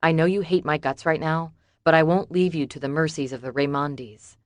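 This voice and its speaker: A woman voicing a calm, firm, protective man on guard, for an audiobook. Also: deep voice, a little fast, no echo, natural voice. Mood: steady.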